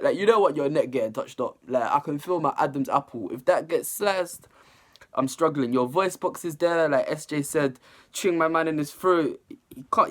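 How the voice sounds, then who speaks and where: A man giving casual, animated reaction commentary as a video host, exclaiming often. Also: a little high. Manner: animated, exclaiming and laughing between remarks. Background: faint music.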